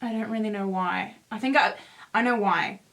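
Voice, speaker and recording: A woman's voice: mid-range voice, moderate pace, gravelly, fairly bright tone. A young woman in her twenties chatting in a rambling, self-mocking way while doing her makeup for a beauty vlog. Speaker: beauty vlogger. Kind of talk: casual get-ready-with-me chat.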